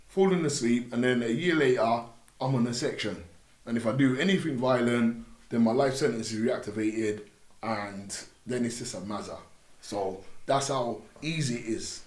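A young man with a London accent telling stories in a casual podcast chat, animated and acting out the voices in his anecdotes. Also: mid-range voice. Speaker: podcast guest. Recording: roomy room.

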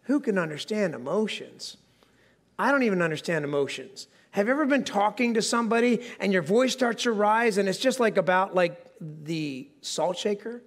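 A pastor delivering a sermon to his congregation, talking in a relaxed, conversational way and poking fun at himself. His speaking voice sits quite high for a man. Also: moderate pace. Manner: conversational, self-deprecating, asks the congregation questions. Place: church sanctuary before a congregation.

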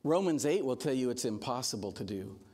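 A man's voice: medium pitch, animated, a little fast, a little mellow. A male pastor delivering a sermon in a church, earnest and drawing on humor, acting out quotes as he teaches.

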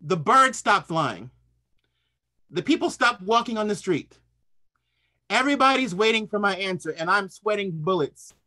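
A man speaking as a culinary historian, telling animated, humorous stories with playful repetition. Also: high voice, normal speed, pauses often. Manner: humorous, playful, repeats words. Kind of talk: animated anecdotal storytelling.

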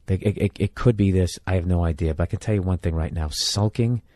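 A man's voice: sits low, fast talker, dark tone, no room sound. A man from the United States, a podcast host giving comedic advice in a blunt, profane, rambling rant.

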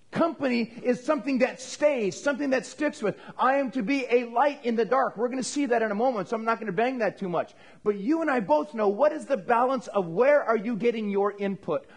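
A middle-aged male pastor with a notably high voice delivers a church sermon. He preaches with animation, asks his listeners to answer him, and drops playful quoted voices into his points. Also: husky. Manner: animated preaching with quoted asides and questions to the congregation.

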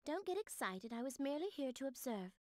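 A woman voicing an aloof young aristocrat who speaks in a calm, condescending way. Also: sits high, fast talker, dry recording, studio quality. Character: aloof aristocratic young lady, haughty and cool.

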